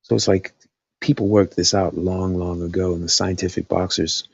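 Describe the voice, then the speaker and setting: A man's voice: sits low, little pitch movement, moderate pace, gravelly, breathy edge, dry recording, highs cut off. A man hosting a casual live stream, thinking aloud with lots of fillers, his voice dry after talking all night.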